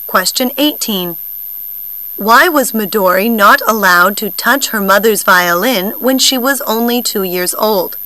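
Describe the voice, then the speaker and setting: Bright-voiced woman reading exam questions. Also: mid-range voice, measured pace, rough recording. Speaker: test question reader.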